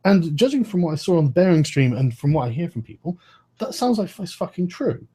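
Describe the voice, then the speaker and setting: A man in his thirties argues on a live stream, his voice high and very lively as his pitch swings around. He talks fast and heatedly, swears freely and keeps cutting his own sentences short. His tone is dark and a little husky. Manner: swears a lot, rants, interrupts himself.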